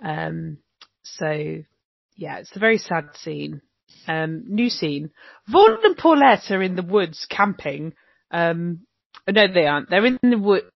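A woman's voice: lowish voice, big pitch swings, slow pace, creaky, no room sound. A woman co-hosting a podcast, recapping a TV episode in casual, sweary chat full of ums. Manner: chatty, swearing, many ums. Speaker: podcast co-host. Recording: dull lo-fi dry recording.

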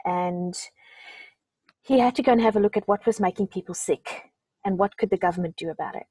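A middle-aged woman hosts a heartfelt podcast interview in a mellow, husky, medium-pitched voice, speaking fairly quickly with no room sound. She's openly moved and emotional, tearing up as she talks.

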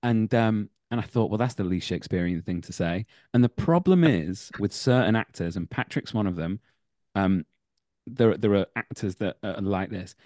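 A young man with a low voice and a Manchester accent tells backstage stories with lively energy. The recording is dry and close, with almost no room sound. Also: normal speed, no echo. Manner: animated anecdotes, laughs mid-story. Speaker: actor and acting teacher. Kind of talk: casual podcast interview, storytelling.

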